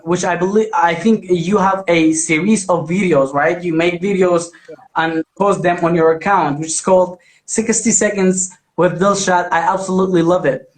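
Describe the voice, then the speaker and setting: A man hosts a live chat, pausing often and filling the gaps as he talks. His voice is high for a man. An echoey room rings around him. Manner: hesitant, many fillers. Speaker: host.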